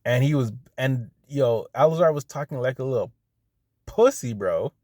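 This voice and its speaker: A man's voice: medium pitch, lively intonation, moderate pace, darkish tone, dry recording, clean studio sound. Heated, profane man ranting. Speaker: vlogger. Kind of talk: casual rant.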